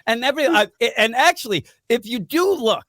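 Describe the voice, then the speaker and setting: A man hosting a comic book podcast in casual chat, animated, swearing and laughing often as he acts out characters. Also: extremely high pitch, a little fast, no room sound, clean studio sound.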